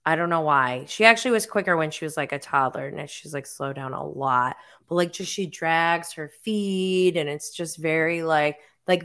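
A woman's voice: medium pitch, a bit bright. A woman in her forties telling a story to camera in a casual, chatty way, filling her sentences with "like". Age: 40s. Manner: chatty, filler-heavy storytelling with frequent "like". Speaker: mom vlogger. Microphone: camera mic.

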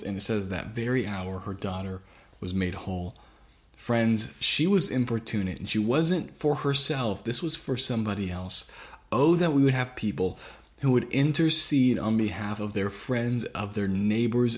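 Man, preacher, sermon, earnest and pleading, lowish voice.

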